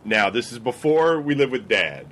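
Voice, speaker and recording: A man's voice: medium pitch, sing-song, normal speed, a bit bright, slight background noise. A man steering the podcast chat with questions about childhood food. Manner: questioning, interviewer-like. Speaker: podcast co-host. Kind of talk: casual chat.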